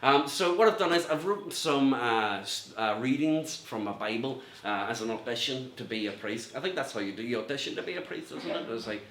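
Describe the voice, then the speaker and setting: In an echoey home room with a mirror and faint noise, a middle-aged stand-up comic with a Northern Irish accent rambles through a set that pokes fun at himself, laughing at his own jokes. His mid-range voice is expressive and fairly bright, fairly quick, with few pauses.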